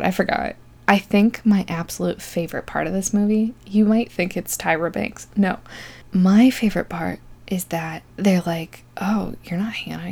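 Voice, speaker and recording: A woman's voice: mid-range voice, gravelly, darkish tone. A young woman casually recapping a movie, chatty and sarcastic, full of likes, ums and asides.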